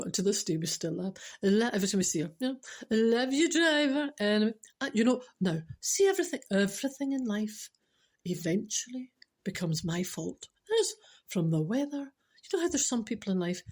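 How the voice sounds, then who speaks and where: A middle-aged Scottish woman tells a funny everyday anecdote, her voice sitting at an ordinary middle pitch. She talks in an animated, exclamatory way and jumps into little acted-out quotes. It comes across as warm-hearted spiritual storytelling. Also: husky. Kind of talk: humorous anecdote told to a listener.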